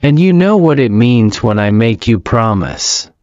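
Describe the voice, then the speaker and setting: Man reading an angry, stern dad with clipped orders, very slow, dull dry sound. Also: medium pitch, big pitch swings, a little mellow, dry recording. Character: stern exasperated middle-aged father, quick to anger.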